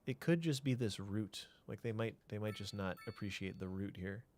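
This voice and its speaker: A man's voice: lowish voice, normal speed, slight background noise. A man streaming a city-building game, thinking aloud in a casual way, answering chat and trailing off into mutters.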